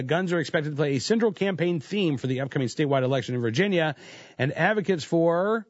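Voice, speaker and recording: A man's voice: fairly high pitch, dry recording. A man hosting a talk radio show, commenting with sarcasm and mocking the quotes he reads. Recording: dull lo-fi sound, dry.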